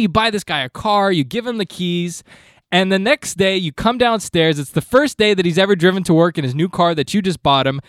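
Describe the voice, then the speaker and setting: A man hosting a comedy podcast, delivering a rambling monologue in a deadpan, mock-earnest tone with frequent restarts. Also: sits high, brisk, no room sound, studio quality. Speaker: podcast host.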